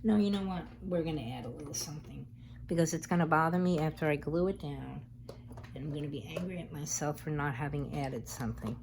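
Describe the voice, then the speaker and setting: A woman's voice: sits low, a little fast, background noise. A woman chatting casually through a craft tutorial, meandering as she works. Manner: chatty and meandering, talks while working. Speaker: craft vlogger.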